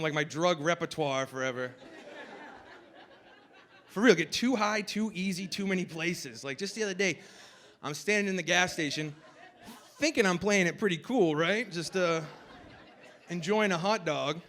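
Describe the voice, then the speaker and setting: A young man's stand-up set at a festival wanders loosely, packed with "like," and now and then he yells above the audience. He speaks in a high voice at a moderate pace, pausing often.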